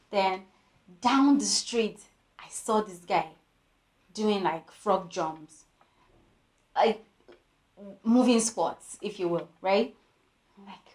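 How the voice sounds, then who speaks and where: Animated woman telling a story. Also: mid-range voice, measured pace, long pauses, reverberant. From Nigeria. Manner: animated storytelling with voiced quotes. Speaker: vlogger. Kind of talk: storytime vlog.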